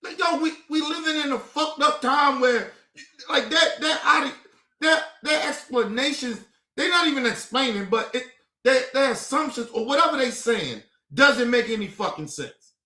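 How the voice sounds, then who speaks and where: Streamer, male, high and bright-voiced, heated rants with shouted bursts, roomy sound. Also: expressive, moderate pace. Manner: profane, exasperated ranting, rising to shouts. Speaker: political commentary streamer. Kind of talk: casual heated commentary.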